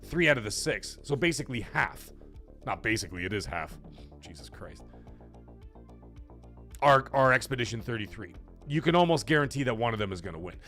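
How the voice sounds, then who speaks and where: A man's voice: medium pitch, big pitch swings, fairly quick, long pauses, a bit bright, faint music behind. A man hosting a casual live-streamed podcast from home, rambling and chatty as he reads out viewer comments. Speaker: livestream podcast host.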